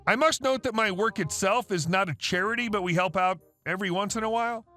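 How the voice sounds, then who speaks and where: A man's voice: high-pitched, brisk, sharp tone, faint music behind. A man reading online stories aloud in a wry, sarcastic storytelling manner. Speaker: story narrator.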